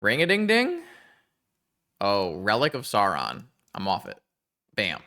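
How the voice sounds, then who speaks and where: A man with a deep voice talks his chat through gameplay on a casual livestream, unhurried yet chatty and excitable as he thinks aloud.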